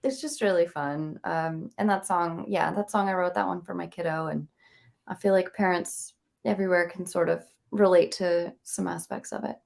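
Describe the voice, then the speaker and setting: A woman's voice: lowish voice, moderate pace, vocal fry. A woman in her thirties, a songwriter guest in a casual chat, telling stories about her small child and laughing often. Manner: chatty, laughs often, animated storytelling.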